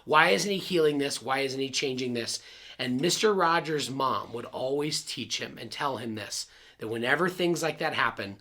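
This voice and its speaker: A man's voice: medium pitch, lively intonation, normal speed, sharp tone. A man, a pastor, telling a personal story in an earnest, confiding way and speaking straight to his listeners. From Arizona.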